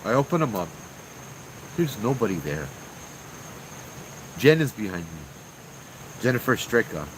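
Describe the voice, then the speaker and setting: A man's voice: lowish voice, measured pace, pauses often, a little hiss or hum, poor audio. Slangy man telling a ghost story. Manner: animated and slangy, acting out what people said. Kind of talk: casual spoken ghost story.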